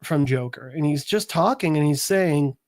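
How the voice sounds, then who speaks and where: A man's voice: fairly high pitch, expressive, normal speed, darkish tone, no echo, studio quality. A man hosting a podcast, recapping a comic book in a rambling, casual way. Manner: rambling, filler-heavy storytelling. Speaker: podcast host.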